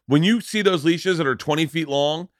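Animated, swearing man hosting a chat. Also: normal speed, no echo, clean studio sound. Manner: profane, animated storyteller, rising pitch in rants. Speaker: podcast host. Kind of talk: casual chat.

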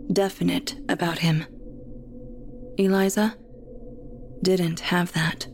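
Woman, horror story narration, very slow, hushed, medium pitch, faint hiss.

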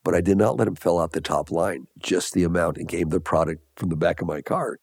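Older man, from Los Angeles, low gravelly voice, dry close sound, storytelling interview guest. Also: fairly quick, dry recording. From Los Angeles, USA. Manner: animated anecdotes with lively quoted dialogue. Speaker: guest entrepreneur.

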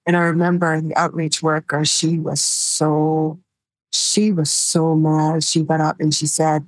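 A middle-aged woman telling her personal story in an interview, soft-spoken and halting, with many fillers. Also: sits low, little pitch movement, no room sound, rough recording. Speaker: guest, survivor sharing her story.

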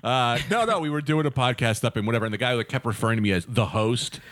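A man co-hosting a comedy podcast, telling dark jokes in a deadpan way. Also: mid-range voice, fast, no room sound. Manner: deadpan dark jokes, mock storytelling voices. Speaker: podcast co-host. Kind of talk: casual comedy podcast banter.

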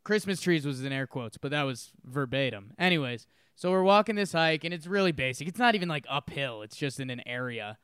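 A man co-hosting a casual chat podcast, telling a story with lively acted-out quotes and frequent laughs. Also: on the high side, brisk, clean tone, no room sound, clean studio sound. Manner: animated storyteller, acts out quotes, laughs often. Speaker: podcast co-host.

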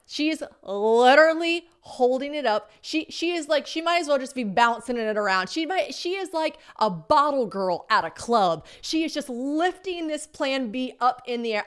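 A woman's voice: fairly high pitch, expressive, moderate pace, fairly bright tone. A woman in her thirties hosting a podcast, telling a story casually and acting out her own thoughts in exaggerated voices. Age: 30s. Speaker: podcast host.

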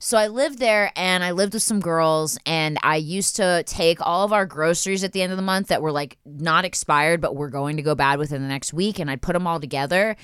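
A woman's voice: lowish voice, a little fast, hardly any pauses, clear, resonant tone, dry recording, clean studio sound. A woman hosting a podcast, telling stories in a casual, profane, filler-heavy way. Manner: animated storytelling, profane, lots of "like". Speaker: podcast host. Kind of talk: casual chat.

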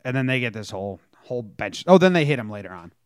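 A man's voice: medium pitch, quick pace, smooth, dry recording, clean studio sound. A man co-hosting a casual sports podcast, retelling game moments and acting out the players' lines. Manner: animated storytelling, acts out quotes. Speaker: podcast co-host.

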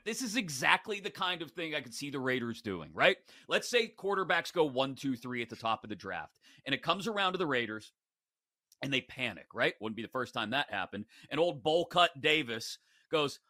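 A man hosting a sports betting talk show, animated, joking and opinionated. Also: fairly high pitch, moderate pace.

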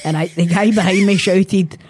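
A man's voice: high-pitched, fairly even intonation, normal speed, slight background noise. A Scottish man co-hosting a casual chat, trading sweary stories and laughing often. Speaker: podcast co-host.

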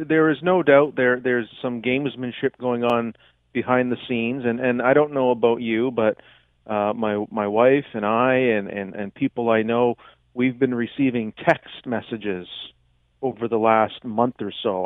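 A man's voice: mid-range voice, no room sound. A man with a frog in his throat chats as a radio guest, stumbling over repeated words. He talks into a headset. The line is tinny and phone-like, with a dry, close sound. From Canada. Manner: halting, repeats words, animated. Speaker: guest co-host. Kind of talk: casual radio chat.

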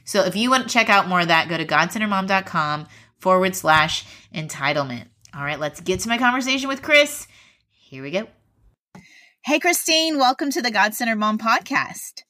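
Bright-voiced woman podcast host. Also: medium pitch, very animated, moderate pace, no echo, studio quality. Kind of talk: casual podcast chat and ad read.

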